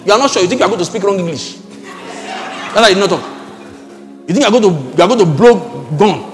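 A man preaching a sermon as pastor, animated and rising at times to shouts. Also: sits high, quick pace, in a large hall, faint music behind.

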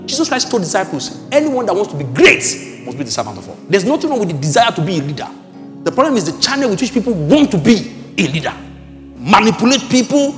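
A man preaching a sermon as pastor, animated and rising at times to shouts. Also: very high-pitched, in a large hall.

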